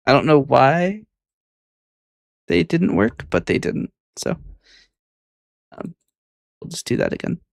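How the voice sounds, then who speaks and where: Male streamer, gravelly low-key muttering, dry booth sound, casual and slightly exasperated. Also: dry recording. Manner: muttering commentary to himself, mildly exasperated. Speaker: VTuber editing his own clips. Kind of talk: casual talk while video editing.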